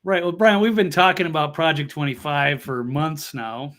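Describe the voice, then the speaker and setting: A man hosting a political talk show, speaking with deadpan irony and lots of fillers. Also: on the high side, moderate pace. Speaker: host.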